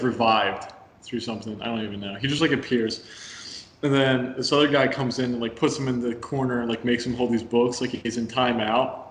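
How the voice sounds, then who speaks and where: A young man co-hosting a podcast, telling a long rambling story full of swearing and "like". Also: medium pitch. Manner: rambling, profane, fillers like "like". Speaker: podcast co-host. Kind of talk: casual podcast chat, storytelling. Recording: echoey room, faint background ambience.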